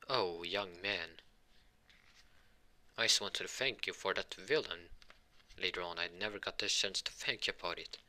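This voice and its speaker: A formal, kindly hero mentor who addresses his student quietly and politely, as a man puts him on. The voice sits low but carries a sharp, tense brightness, in the casual, unpolished style of a homemade fan story. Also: normal speed, pauses often.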